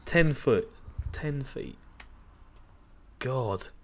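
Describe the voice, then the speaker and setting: A man's voice: medium pitch, expressive, very slow. A man with a southern English accent, co-hosting a podcast in easygoing casual banter and laughing along. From England. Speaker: podcast co-host.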